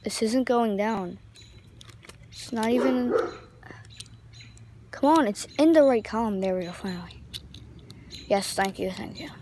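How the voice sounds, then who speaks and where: A woman's voice: fairly high pitch, unhurried, pauses often, noisy background. A woman chatting casually for a vlog outdoors on a trampoline, rambling with lots of fillers. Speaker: vlogger.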